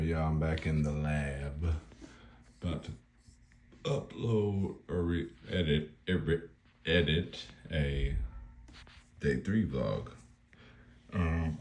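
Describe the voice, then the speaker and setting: A man's voice: a bass voice, a little mellow, husky. A man in a casual vlog who talks straight to camera. He is out on a city street hanging flyers and keeps calling his viewers "y'all". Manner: laid-back, addresses viewers as "y'all". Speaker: vlogger and hip-hop artist. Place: outdoors on a city street by traffic. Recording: street noise behind. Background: traffic and street noise.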